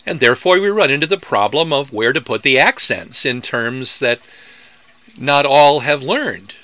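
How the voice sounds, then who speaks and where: A man with a bright, forceful voice gives a scripted devotional teaching, working through the pronunciation of old words in a measured, scholarly way. He sounds like a pastor explaining to his readers. The recording is dry and close. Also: medium pitch, animated, no echo.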